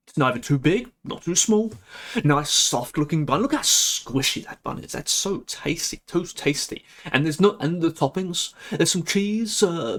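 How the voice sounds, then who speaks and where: A young man chatting on a live stream, excitable, giggly and stammering as he talks. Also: a little high, husky. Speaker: VTuber streamer. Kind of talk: casual live-stream chat.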